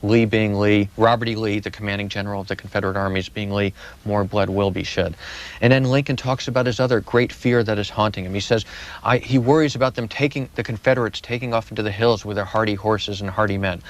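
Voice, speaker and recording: Low-voiced man telling history dramatically. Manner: vivid dramatic storytelling with repetitions. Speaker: historian guest. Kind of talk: storytelling interview answers.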